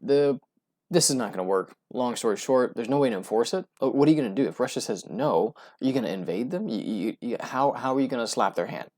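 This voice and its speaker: Animated and fast in a mid-range, darkish voice, this American man comments solo on oil prices as an oil and gas investment commentator. He speaks loosely, restarting often and tossing in fillers and "right?"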